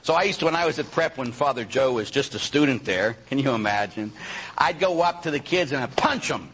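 A man, a priest, preaching a sermon in an animated way, full of rhetorical questions and quick asides. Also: medium pitch, slightly rough, low-quality recording. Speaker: Catholic priest.

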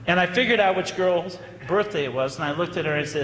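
A priest telling a story in a sermon, animated and anecdotal, with dramatic pauses. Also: male voice, sits high, a little hiss or hum. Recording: echoey hall with long reverb.

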